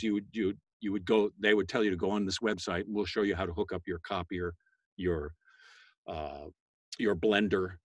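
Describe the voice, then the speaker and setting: A voice actor talking casually to a school class, chatty and self-deprecating, with many fillers and bursts of a loud sales voice. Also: male voice, on the low side, dry recording. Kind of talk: casual interview talk.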